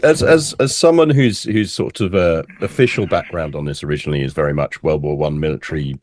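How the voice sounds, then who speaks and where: A man's voice: a bass voice, darkish tone. A man, a guest talking about military history in a casual conversation, often restarting before explaining at length. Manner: halting, many restarts, then fluent explanations.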